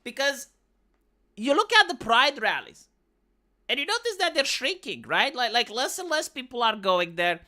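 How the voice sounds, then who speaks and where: A woman live streamer delivering opinionated commentary, arguing her point in an animated way and repeating words as she builds up. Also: high voice, normal speed.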